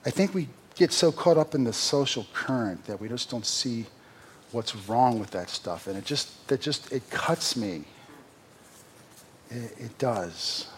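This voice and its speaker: A man's voice: mid-range voice, lively intonation, moderate pace, slight background noise. A man preaching a sermon as pastor, earnest, with sarcastic asides and emphatic rises.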